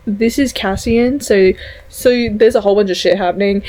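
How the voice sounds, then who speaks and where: Excitable young woman vlogging to camera. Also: mid-range voice, normal speed, rough recording. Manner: gushing, excitable, swears casually. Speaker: book vlogger. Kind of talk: casual reading vlog to camera. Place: at home indoors. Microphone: camera mic.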